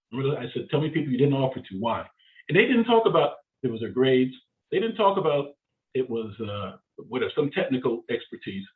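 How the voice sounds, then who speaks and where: A man giving a live career seminar in an energetic, emphatic way, driving points home with short repeated phrases. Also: mid-range voice. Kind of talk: motivational seminar talk. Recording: phone-like narrow band.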